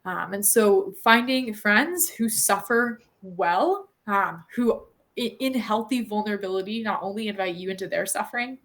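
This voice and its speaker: A woman's voice: on the low side, a bit bright. A woman in her thirties, a guest author on a podcast, talking earnestly and thoughtfully with many fillers and restarts. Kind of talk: conversational interview.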